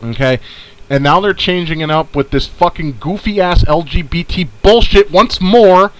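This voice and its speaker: A man's voice: high-pitched, moderate pace, a bit bright, a little hiss or hum, low-quality recording. A man from the northern United States co-hosting a podcast, ranting and rambling with heavy swearing. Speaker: podcast co-host. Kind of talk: casual podcast chat.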